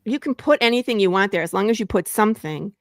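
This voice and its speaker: A woman from Michigan hosting a casual talk show, chatty and quick to jump between topics. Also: medium pitch, lively intonation, no room sound, studio quality. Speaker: podcast host. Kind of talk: casual chat.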